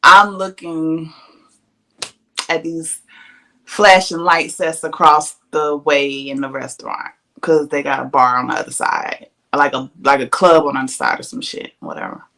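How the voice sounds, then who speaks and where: Animated, profane woman podcast host. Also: deep voice, unhurried, vocal fry. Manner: animated, profane, laughs often. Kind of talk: casual storytelling.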